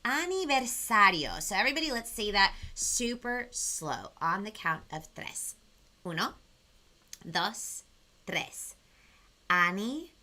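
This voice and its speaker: A woman's voice: mid-range voice, very animated, measured pace, pushed and bright. Bubbly woman hosting a kids' lesson. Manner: bubbly, sing-song, talks straight to viewers. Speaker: children's show host. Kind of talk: bilingual live-stream lesson.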